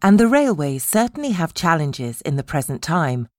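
A woman narrating a feature in a measured, polished, scripted way. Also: deep voice, very animated, a little mellow, no echo, clean studio sound.

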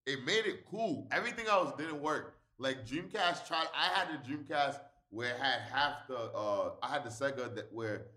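A man's voice: mid-range voice, expressive, moderate pace, hardly any pauses, pushed and bright. A young adult man chatting casually as a podcast co-host, telling stories in a rambling, slangy way full of fillers. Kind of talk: casual chat.

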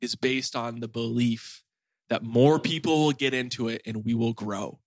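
A man's voice: medium pitch, moderate pace, no echo. A man in his late twenties, host of a podcast, telling stories in a casual family chat with lots of "like" fillers. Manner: rambling, heavy on "like" fillers, animated storytelling.

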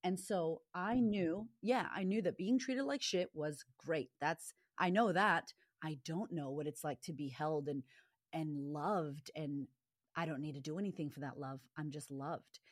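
Woman coach talking straight, lowish voice, curses a lot, dry close sound. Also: measured pace, dry recording. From Latina upbringing. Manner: blunt, swears freely, passionate. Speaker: guest, confidence coach and author. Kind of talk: candid interview talk.

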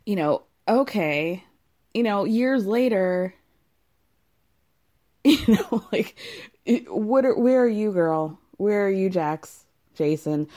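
Woman, young adult, casual recap chat, wry and chatty, warm mellow tone. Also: mid-range voice. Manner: chatty, wry, laughs often. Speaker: reality TV recap podcaster.

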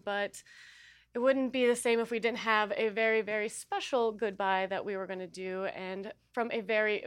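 A woman's voice: mid-range voice, fairly bright tone, smooth. A woman hosting a soccer podcast, reading promos and chatting casually with co-hosts. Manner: emotional, choked up at a farewell. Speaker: podcast host.

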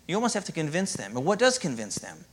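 A man preaching a sermon as pastor, in a lively, conversational way and often asking "Amen?". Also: a little high, fast talker, slight background noise.

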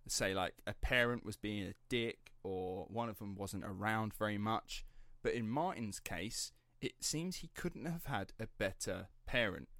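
Low-voiced man, rambling podcast host. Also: unhurried, fairly bright tone, no room sound, studio quality. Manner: chatty, rambling, swears and laughs easily. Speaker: podcast host telling the story. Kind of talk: casual true-crime podcast chat.

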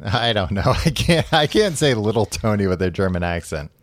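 A man's voice: lowish voice, sing-song, normal speed, no room sound, clean studio sound. A man casually recapping a book on a podcast, rambling with lots of fillers and laughing often. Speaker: podcast host.

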